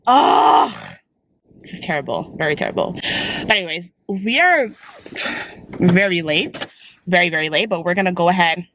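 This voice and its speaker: A young woman from Canada, chatting casually to the camera as a fitness vlogger, expressive and given to dramatic complaints. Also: fairly low pitch, normal speed, pauses often, noisy background. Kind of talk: casual vlog chat.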